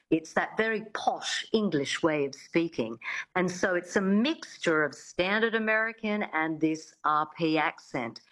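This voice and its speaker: A woman's voice: low voice, a bit bright. A woman accent coach, a radio interview guest, explaining at length with many restarts.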